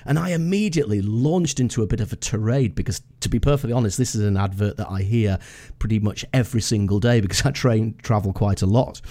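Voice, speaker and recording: A man in his fifties hosting a podcast, chatting in a relaxed, storytelling way with frequent restarts. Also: lowish voice, fast. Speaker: podcast host and marketing consultant. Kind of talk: casual conversational interview.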